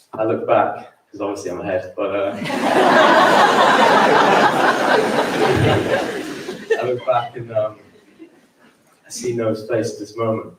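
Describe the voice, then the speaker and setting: A man giving a gentle, hesitant eulogy at a memorial, telling a personal story about his friend. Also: fairly low pitch. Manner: gentle, hesitant, with fillers and repeats. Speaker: memorial speaker. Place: large school dining hall. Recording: very echoey hall, mic far off.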